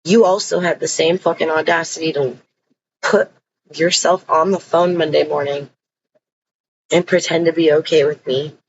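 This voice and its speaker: A woman's voice: sits low, steady tone, normal speed, highs cut off, slight background noise. Blunt, swearing woman telling her story. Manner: blunt, emphatic, swears freely. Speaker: storyteller recounting her own experience. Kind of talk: casual personal storytelling.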